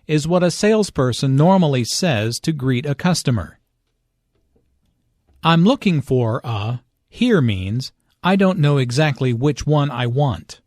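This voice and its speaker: Slow, measured man explaining English. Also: medium pitch, lively intonation, darkish tone, no echo, clean studio sound. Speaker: English teacher. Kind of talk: scripted language-lesson narration.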